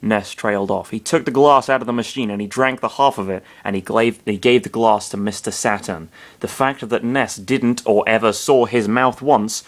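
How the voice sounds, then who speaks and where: A man's voice: on the low side, normal speed. A man reading fan fiction aloud, breaking off for sarcastic, muttered asides full of swearing.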